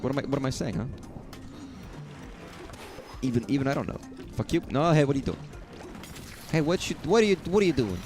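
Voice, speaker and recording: A young man streams a video game, rambling through profane, jokey asides at a mid-range pitch. Faint game music plays quietly behind him. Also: lively intonation, brisk, long pauses. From southern US. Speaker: gaming streamer. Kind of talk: casual let's-play commentary.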